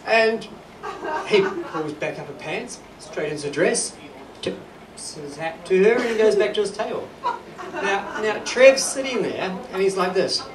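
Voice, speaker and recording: A man's voice: sits high, expressive, a little slow. New Zealand man doing stand-up in a club. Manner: rambling, self-deprecating storytelling with asides. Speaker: stand-up comedian. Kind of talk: stand-up comedy. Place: comedy club stage. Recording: echoey club from a distance, noisy. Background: audience laughter.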